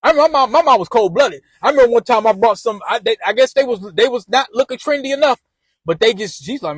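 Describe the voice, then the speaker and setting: A man's voice: extremely high pitch, expressive, fast talker, husky, no room sound, poor audio. A man casually telling a rambling, profane personal story with lots of restarts.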